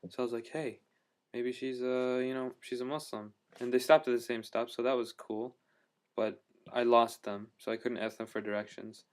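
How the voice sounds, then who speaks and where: Smooth-voiced man rambling in a video diary. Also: medium pitch, level tone, normal speed. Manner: rambling, full of fillers and restarts; enthusiastic storyteller. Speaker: travel vlogger.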